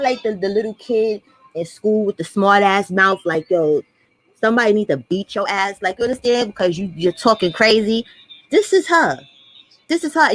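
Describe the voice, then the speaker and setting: A woman's voice: medium pitch, fairly bright tone, no room sound. Woman commentator who rants bluntly and swears a lot; dry, close recording. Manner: blunt, profane, fast ranting. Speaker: commentary vlogger. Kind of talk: ranting reaction commentary.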